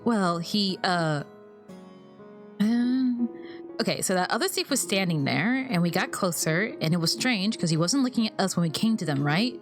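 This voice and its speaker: A woman reading game dialogue aloud as an earnest young man, with a hesitant, halting delivery and lively pitch. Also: soft background music, lightly acted. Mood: uneasy.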